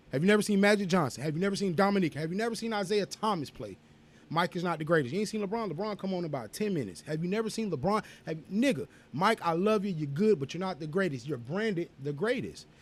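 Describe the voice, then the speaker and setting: Fast-talking high-voiced man ranting on tangents. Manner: rambling, animated, profane, goes off on tangents. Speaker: podcast co-host. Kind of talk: casual podcast rant.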